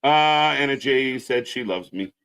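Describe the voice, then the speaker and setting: A man's voice: medium pitch, bright, forceful tone. Blunt, profane man ranting about wrestling. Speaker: wrestling stream co-host. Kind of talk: casual live commentary chat.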